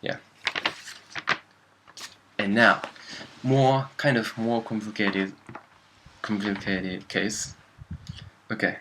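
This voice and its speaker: A man with a Japanese accent gives an unhurried language lesson, speaking slowly and stopping often to correct himself. His voice sits very low, with a gravelly edge and a bright, forceful tone. A faint hiss of noise runs under the recording. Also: low-quality recording. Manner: halting, self-correcting, thinks aloud. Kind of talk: casual whiteboard lesson.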